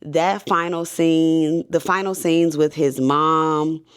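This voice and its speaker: A woman's voice: low-pitched, fairly even intonation, takes it slowly, smooth. A woman reviewing a TV series in a casual, enthusiastic way, chatting to viewers. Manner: enthusiastic, chatty, addresses viewers as y'all and baby. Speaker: show review vlogger.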